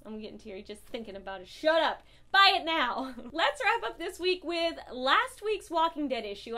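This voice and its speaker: A high-pitched young woman talks straight to camera about comic books. She is blunt and swears freely, gushing over what she loves and raging at what she hates. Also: a bit bright. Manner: profane, impassioned and blunt. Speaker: comic book reviewer. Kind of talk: casual review vlog.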